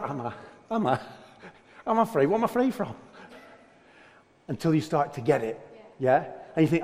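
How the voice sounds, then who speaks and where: Man, pastor, lively joking sermon, high voice, long hall echo. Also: moderate pace, long pauses. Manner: animated, joking, preacherly. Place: church hall.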